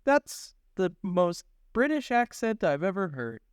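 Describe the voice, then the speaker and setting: A young man co-hosting a podcast in casual chat, making quick joking quips. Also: high voice, big pitch swings, smooth, dry recording, clean studio sound. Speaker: podcast co-host.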